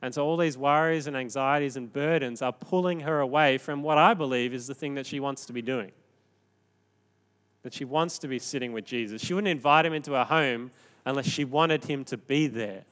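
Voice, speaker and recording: A man preaching a sermon in a conversational, animated way, moving between quiet reflection and emphatic points. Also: medium pitch, fairly quick. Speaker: pastor.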